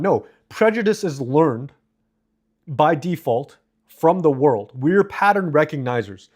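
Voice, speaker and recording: A man's voice: fairly high pitch, animated, a little mellow. Profane rambling male streamer. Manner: profane, rambling, quick asides. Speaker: live streamer. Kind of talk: casual live-stream chat, reading comments aloud.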